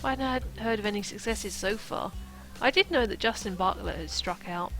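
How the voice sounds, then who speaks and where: A woman's voice: medium pitch, moderate pace, fairly bright tone, faint music behind, poor audio. A woman streaming herself reading a novel aloud, stopping for playful, chatty asides.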